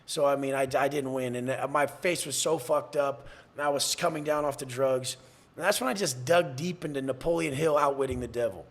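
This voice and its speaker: A medium-pitched man from San Diego, USA, talks a little fast as a podcast guest recounting his life. He's blunt, curses freely, and acts out the voices of others in this candid storytelling interview.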